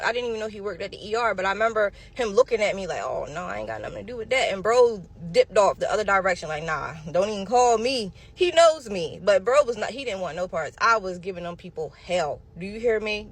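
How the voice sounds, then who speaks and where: A woman telling her own story to viewers in a casual, animated storytime, calling them y'all and honey. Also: mid-range voice, brisk, few pauses, breathy edge.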